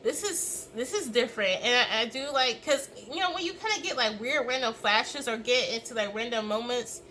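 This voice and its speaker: Woman doing a loose tarot reading, kinda high voice, swears a lot, acts stuff out. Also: moderate pace, sharp tone, a little hiss or hum, rough recording. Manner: rambling, swears casually, acts out reactions. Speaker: tarot reader.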